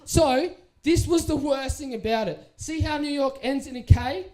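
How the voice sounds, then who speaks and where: A young Australian man giving a casual talk to a youth group, telling a story in a lively, playful way and acting out the people in it. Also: very high voice, normal speed. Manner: animated, playful, acts out the people in his story. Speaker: youth speaker.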